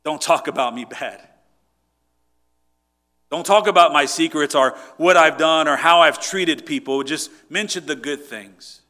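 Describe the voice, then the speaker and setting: A man voicing a remorseful, self-serving old king who pleads in a low, hushed voice during a sermon. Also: measured pace, big-room sound. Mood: pleading. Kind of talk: acted scripture paraphrase in a sermon.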